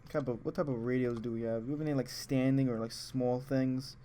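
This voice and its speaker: A man giving casual, excitable, rambling commentary over a video game, full of chatty asides. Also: medium pitch, fast, a little hiss or hum. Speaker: let's play host.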